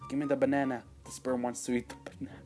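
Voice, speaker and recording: Excitable rambling male gamer. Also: mid-range voice, very fast, soft background music. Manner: rambling, excitable, with sudden loud outbursts and quiet asides. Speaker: gaming channel host. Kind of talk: casual let's-play commentary.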